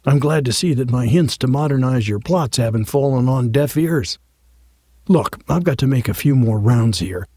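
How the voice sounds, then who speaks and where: A man voicing a glib, flattering male book editor who talks in a smooth, quick way. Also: mid-range voice, no echo, clean studio sound.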